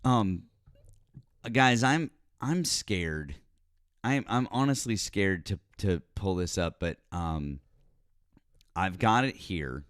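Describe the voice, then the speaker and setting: A man's voice: deep voice, expressive, takes it slowly, pauses often, fairly bright tone, no room sound, clean studio sound. A middle-aged man hosting a live-stream call-in show, rambling and often apologizing with a self-deprecating manner. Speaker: host.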